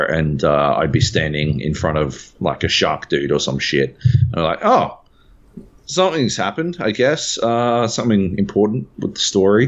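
A man's voice: rumbling low, highs cut off. A man co-hosting a games podcast as a critic, ranting in an exasperated, profane way in casual chat. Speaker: podcast co-host, game critic.

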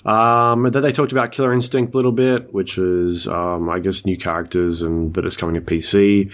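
A man's voice: sits low, steady tone, brisk. A man co-hosting a gaming podcast, easygoing and joking as he runs through the news. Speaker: podcast co-host. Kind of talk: casual chat.

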